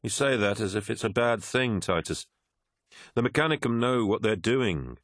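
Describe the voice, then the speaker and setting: A man's voice: on the low side, lively intonation, moderate pace, no echo, clean studio sound, voice pushed up, lightly acted. A man voicing a worried, pragmatic male officer who pleads urgently in a raised voice in an audiobook. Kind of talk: audiobook character voice.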